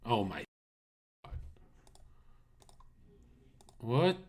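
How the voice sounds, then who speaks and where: Man, livestream host, husky voice, mid pitch, blunt mocking rants, casual commentary, condenser mic. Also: huge pitch swings, extremely slow, darkish tone. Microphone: USB condenser mic.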